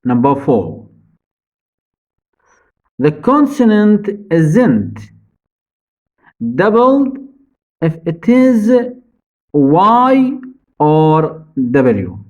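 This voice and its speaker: A man teaching English spelling rules, speaking slowly and deliberately, repeating each rule for his students. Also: wildly swooping pitch, highs cut off. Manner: stresses key words, drops low at phrase ends. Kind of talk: slow spelling-rule lesson.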